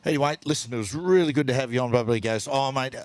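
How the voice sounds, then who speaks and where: A middle-aged Australian man, a podcast co-host, telling lively anecdotes and putting on voices for the people in them. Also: mid-range voice, rapid-fire, dry recording. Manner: animated anecdotes with put-on quoted voices. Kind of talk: casual storytelling chat.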